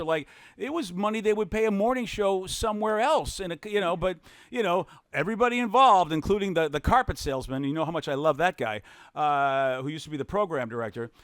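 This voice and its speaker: A man, a radio broadcaster, telling stories in casual podcast talk, animated, acting out quotes and laughing often. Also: fairly quick, clear, resonant tone, no room sound, clean studio sound. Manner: animated, acts out quotes with big pitch swings, laughs often.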